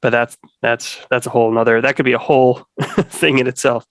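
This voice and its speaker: A man's voice: mid-range voice, little pitch movement, a little fast, fairly bright tone, slight background noise. A man speaking as a podcast guest in casual conversation, rambling with many restarts and fillers.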